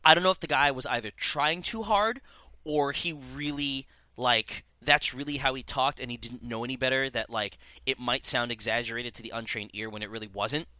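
A man's voice: medium pitch, normal speed, pushed and bright, dry recording. A young man chatting casually about a game as a podcast host, rambling with many restarts. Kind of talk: casual chat.

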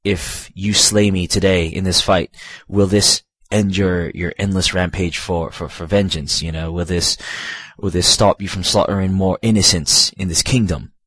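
Melodramatic medieval knight, put-on British accent, solemn and earnest, played by a deep-voiced man, dry sound. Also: steady tone, normal speed, a bit bright, dry recording, poor audio. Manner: overly dramatic, earnest.

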